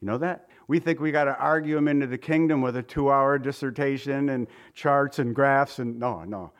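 A man's voice: mid-range voice, normal speed. A man preaching a conversational Easter sermon, joking with the congregation and asking rhetorical questions. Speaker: pastor.

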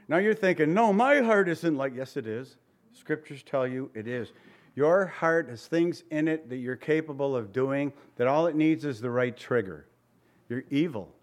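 A man's voice: mid-range voice, normal speed. A man preaching a sermon as pastor, in a conversational style full of rhetorical questions, now and then acting out the voices he quotes. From Italian family background.

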